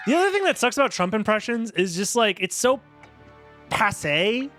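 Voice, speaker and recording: Lively joking young male streamer. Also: high voice, moderate pace, faint music behind. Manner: rambling, joking, self-deprecating, swears freely. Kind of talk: casual commentary while gaming.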